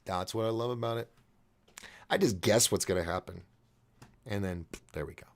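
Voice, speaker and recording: A man's voice: fairly low pitch, moderate pace. A man hosting a nightly call-in show, talking in a rambling, jokey, casual monologue and often laughing at himself.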